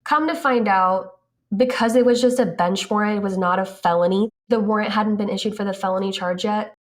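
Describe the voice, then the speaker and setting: A woman's voice: medium pitch, brisk. A woman casually telling a story, acting out the dialogue and saying "like" a lot. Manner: animated, acts out quoted dialogue, frequent "like". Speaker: interviewee recounting events.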